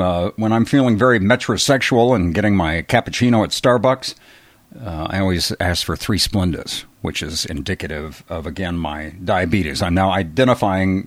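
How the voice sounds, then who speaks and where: A man's voice: sits low, no room sound. A man in his fifties talking alone in a bedroom, a rambling, self-deprecating solo monologue with chuckling asides. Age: 50s. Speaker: podcast host.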